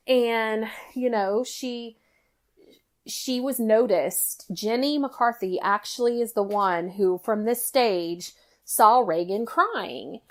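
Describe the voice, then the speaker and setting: A middle-aged woman tells a personal story in casual chat, animated and full of "you know" fillers. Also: fairly high pitch, slow. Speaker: guest storyteller, mother.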